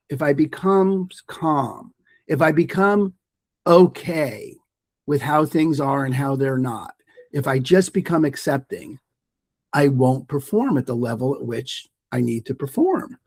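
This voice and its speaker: Man, podcast guest, mindfulness teacher, emphatic, fairly high pitch, dry sound. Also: a little mellow, no room sound. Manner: emphatic, storytelling, repeats phrases for effect. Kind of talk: podcast interview.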